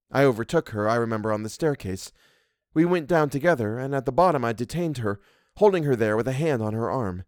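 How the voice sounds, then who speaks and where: A man reading a classic ghost story aloud, narrating in a measured and expressive way. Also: medium pitch, dry recording, studio quality. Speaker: reader.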